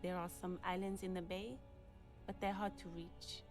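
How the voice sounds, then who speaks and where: A woman's voice: on the low side, flat delivery, normal speed, faint music behind, lightly acted. An actress voicing a helpful local woman in a detective game, polite and matter-of-fact. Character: helpful local woman giving directions, casual.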